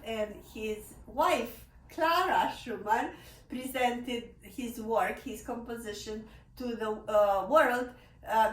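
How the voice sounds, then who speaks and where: A woman teaching a piano lesson in non-native phrasing, laughing often and pleading with students to stay relaxed, with a piano in the room. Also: fairly high pitch. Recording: echoey room, mic at a distance. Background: piano playing.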